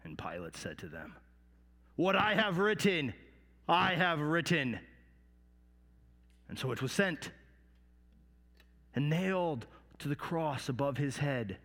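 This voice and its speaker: A man telling a Bible story in the first person, slow and solemn, rising to loud cries at the quoted lines, recorded in a large reverberant hall. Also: on the high side. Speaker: dramatic storyteller.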